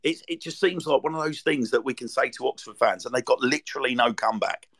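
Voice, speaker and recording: A man chatting as co-host of a football podcast, mid-pitched with a gravelly edge. He rambles through long stories with frequent fillers and false starts. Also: fast, fairly bright tone. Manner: rambling, full of fillers and restarts. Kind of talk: casual chat.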